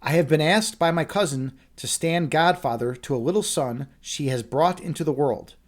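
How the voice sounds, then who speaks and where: A man's voice: on the high side, moderate pace, natural voice. A man reading as a sly, scheming storybook cat. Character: scheming male cat, smooth and defensive.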